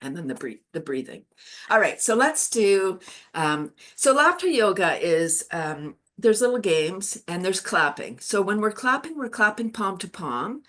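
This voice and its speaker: A woman's voice: on the low side, a bit bright. A woman leading a laughter yoga class over a video call. She talks in an upbeat, chatty way and laughs often while explaining. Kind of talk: guided exercise class.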